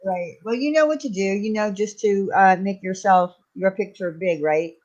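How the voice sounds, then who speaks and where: A woman guest talking casually and gently over a call, giving easy advice. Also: mid-range voice, normal speed. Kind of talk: casual chat. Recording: lo-fi call audio.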